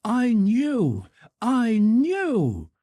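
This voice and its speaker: A man reading an audiobook, voicing a sleepy, affectionate little boy in a high, eager voice. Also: big pitch swings, unhurried, a little mellow, no echo, clean studio sound, exaggerated voice. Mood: excited. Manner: high, eager, fretful child's voice.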